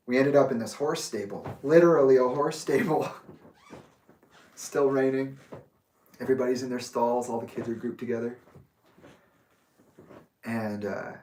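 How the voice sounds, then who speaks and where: A man's voice: medium pitch, a little mellow, a little hiss or hum. Guy telling a story, swears a lot, laughs, roomy distant sound. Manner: rambling, profane, laughs often. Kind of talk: casual personal storytelling. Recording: echoey room, mic far off.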